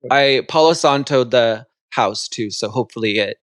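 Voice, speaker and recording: A male guest on a podcast, who chats in a relaxed, drawn-out way full of "like"s. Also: medium pitch, no echo, clean studio sound. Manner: relaxed, drawn-out chat with many likes. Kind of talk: casual chat.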